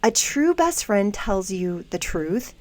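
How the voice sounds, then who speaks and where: A woman hosts a self-help podcast in a calm, measured, encouraging tone. Her pitch sits in the middle of her range. The recording is dry and close, with no room sound. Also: dry recording. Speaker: podcast host.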